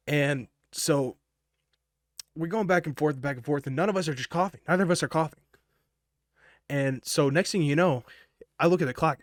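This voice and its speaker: A young man spins a loose, profane personal story, packed with fillers and restarts, buzzing from energy drinks. His voice sits at an ordinary middle pitch. The recording is dry and close, with no room sound. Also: dry recording. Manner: rambling and profane, with many fillers.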